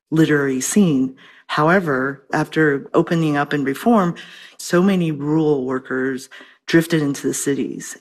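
Articulate woman professor on a remote line. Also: deep voice. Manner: articulate, lecturing. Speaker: professor and translator. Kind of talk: expert interview.

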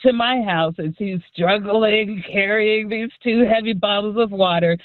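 A woman calling in to a radio show, telling a story in an amused, animated way. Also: medium pitch, unhurried, dry recording. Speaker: caller. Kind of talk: call-in storytelling. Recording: tinny phone line.

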